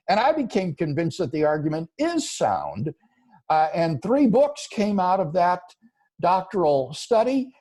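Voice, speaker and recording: A man, a philosopher, answering viewer questions in an interview, earnest and explanatory. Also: high-pitched. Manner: earnest, explanatory, lively rising and falling delivery.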